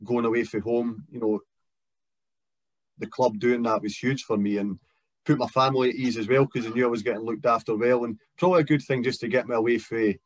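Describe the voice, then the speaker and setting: A man's voice: mid-range voice, fairly even intonation, a little fast, no room sound. A Scottish man in his thirties, a guest footballer talking in a casual chat, reflective and careful with many fillers. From Scotland.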